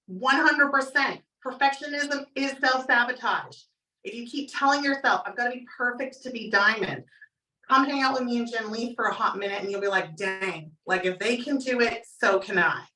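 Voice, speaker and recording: A woman from Canada in her thirties giving an energetic motivational talk, telling stories and acting out quotes. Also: a little high, roomy sound, far from the mic, poor audio. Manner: energetic, storytelling, acts out quotes. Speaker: motivational speaker.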